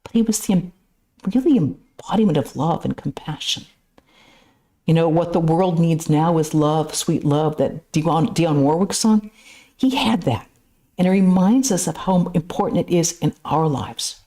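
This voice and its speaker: A woman's voice: deep voice, a little slow. A woman, a nun, giving a conversational spiritual lecture at a temple, telling stories with casual asides. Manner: lively storytelling with casual asides.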